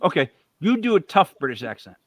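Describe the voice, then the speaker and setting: A man hosting a podcast in casual chat, animated and swearing freely. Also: a little high, brisk, no echo. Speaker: podcast host.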